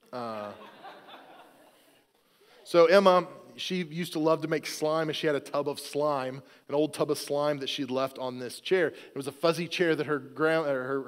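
A man preaching a sermon as pastor, telling a family story in a relaxed, joking, self-deprecating way. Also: fairly high pitch, smooth, long reverb tail. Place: church sanctuary.

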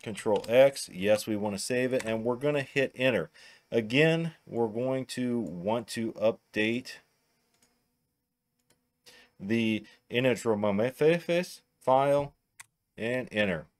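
A man's voice: mid-range voice, animated, takes it slowly. A man with a Midwestern American accent, casually talking through each step of a computer tutorial as he works. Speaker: tech tutorial host. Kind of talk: narrated screen-recording tutorial.

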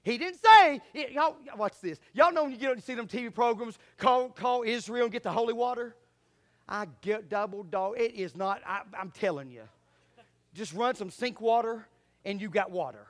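A man preaching a sermon, animated, moving between quiet asides and loud shouts. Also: extremely high pitch, normal speed. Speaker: pastor.

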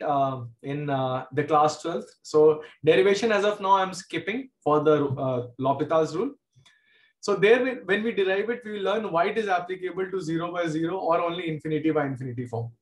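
Casting: Indian English male math teacher, high voice, patient step-by-step delivery. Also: roomy sound. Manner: explains step by step, repeats key points. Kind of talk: classroom lecture.

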